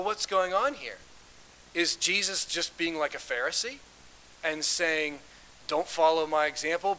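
A man's voice: fairly high pitch, pushed and bright, slight background noise, rough recording. A man leading an interactive Bible study who talks conversationally, puts questions to the group and reads scripture aloud with emphasis.

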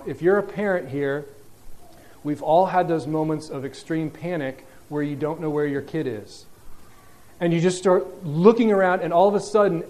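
A man's voice: on the high side, a little mellow. A man preaching a sermon in a conversational, explanatory way, often restarting his sentences.

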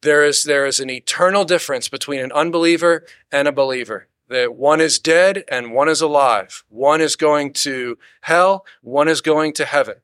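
A man teaching a church Bible study lesson in a steady explanatory way, asking rhetorical questions and sometimes acting out quoted complaints. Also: fairly high pitch, moderate pace, hardly any pauses, clean tone, no room sound, clean studio sound. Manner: acts out quoted complaints in animated bursts.

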